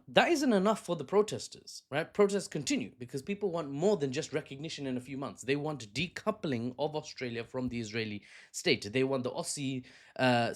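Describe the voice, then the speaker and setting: Brief: male commentator, chatty and lively, mid-pitched, self-correcting with wry asides. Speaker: political commentator. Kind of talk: casual political commentary video.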